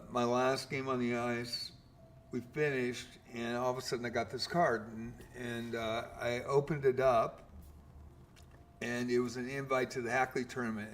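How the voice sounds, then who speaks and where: Slow, rambling man telling a story. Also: mid-range voice, a little hiss or hum. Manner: rambling, full of fillers and mild swearing. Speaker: game streamer. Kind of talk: casual storytelling.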